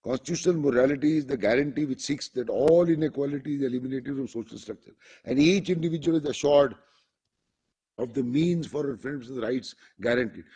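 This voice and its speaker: Addressing the bench as "my lord" at nearly every turn, this Indian English–accented man argues a case in court and reads aloud from a judgment in a formal manner. His voice is fairly high-pitched, dark in tone, and slightly rough.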